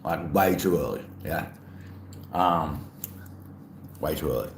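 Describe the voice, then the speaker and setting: Deep-voiced man chatting on stream. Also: slow pace, vocal fry. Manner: chatty, reads chat aloud, playful. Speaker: livestreamer. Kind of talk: casual live-stream chat. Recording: echoey room, faint ambient noise.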